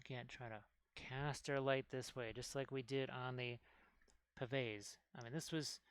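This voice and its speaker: Smooth-voiced man chatting while painting. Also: medium pitch, fairly even intonation, normal speed, dry recording. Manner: rambling, talks while working, chats with viewers. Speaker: miniature painting streamer. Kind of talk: casual painting tutorial chat.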